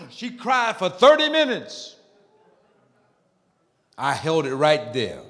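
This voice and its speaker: A man preaching a sermon in an emphatic way, dropping to low murmurs and rising to loud high bursts. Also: wildly swooping pitch, slow pace. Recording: long hall reverb.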